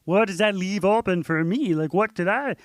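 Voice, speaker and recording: Guy doing the producer, smooth high voice, unsure, trails off. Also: normal speed, dry recording, studio quality, close to an everyday voice. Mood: puzzled. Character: puzzled grown man producer.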